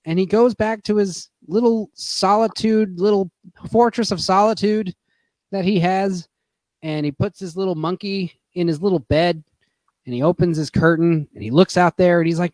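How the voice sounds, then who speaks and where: A man's voice: high-pitched, moderate pace, a little mellow, dry recording. A young man casually recapping a movie on a stream, rambling and profane with lots of fillers. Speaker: podcast host.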